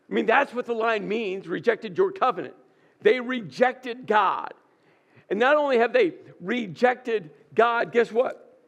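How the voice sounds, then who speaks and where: A man's voice: extremely high pitch, a little slow, creaky, muffled recording. A male pastor preaching a sermon, retelling a scripture story and acting out its dialogue with rising intensity.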